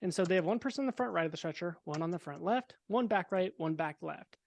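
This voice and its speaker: A young man, a podcast guest, telling a personal story in a relaxed, casual way with wry, deadpan dark humor. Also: high voice, quick pace, vocal fry, a little hiss or hum.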